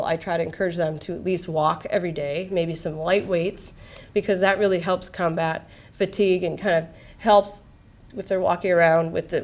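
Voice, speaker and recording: A woman physician giving a medical lecture in a casual, candid, lively way, full of slang and asides. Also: fairly low pitch. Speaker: palliative care physician.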